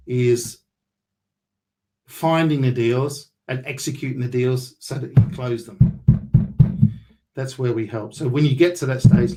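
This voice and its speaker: A man's voice: mid-range voice, darkish tone, low-quality recording. A man mentoring a group on property deals, brash and salesy, swearing casually as he talks.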